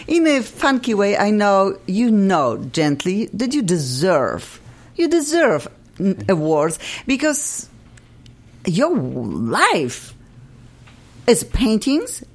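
Lively, effusive woman host. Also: mid-range voice, slow pace. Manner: chatty, laughing, effusive. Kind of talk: casual interview chat.

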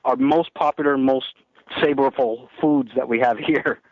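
A man who owns a restaurant, speaking as a guest on a radio show in a relaxed, friendly way with some hesitations. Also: mid-range voice, a little slow, no echo, phone-quality sound. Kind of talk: casual phone-in radio interview.

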